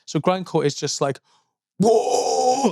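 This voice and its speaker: A man co-hosting a podcast in casual chat, rambling and joking, now and then yelping in a high mock voice. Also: normal speed, no room sound, clean studio sound. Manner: rambling, jokey, yelps high in mock vocals. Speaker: podcast co-host.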